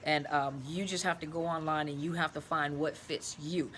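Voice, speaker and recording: A woman's voice: low voice, fairly even intonation, moderate pace, fairly bright tone, a little hiss or hum. Earnest middle-aged woman explaining. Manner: earnest, explanatory, searching for words. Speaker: therapist and life coach, interview guest. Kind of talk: casual interview talk.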